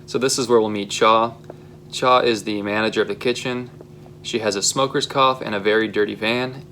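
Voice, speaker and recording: Young man reading a script, low voice. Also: a bit bright, slight background noise. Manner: plain, casual read with occasional fillers. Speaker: student reading his own story script. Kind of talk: reading a story script aloud.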